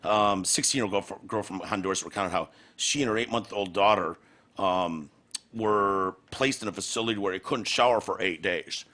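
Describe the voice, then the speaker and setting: Sarcastic profane podcast host, bright voice. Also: male voice, low voice, moderate pace. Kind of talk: casual chat.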